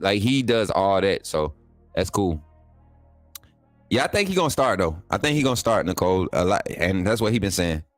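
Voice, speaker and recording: A man hosting a casual livestream, talking loosely with his viewers and jumping up in pitch when he gets excited. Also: moderate pace, no echo, soft background music. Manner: laid-back, talks to chat as "man" and "y'all", pitch jumps up when excited. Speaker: livestream host. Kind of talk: casual livestream chat reading viewer comments.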